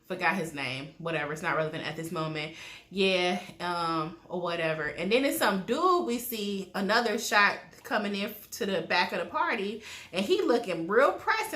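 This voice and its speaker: Bright-voiced woman, gossipy and profane episode recap, roomy echo. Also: mid-range voice, moderate pace. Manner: blunt, profane, animated storytelling with quoted asides. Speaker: TV recap vlogger.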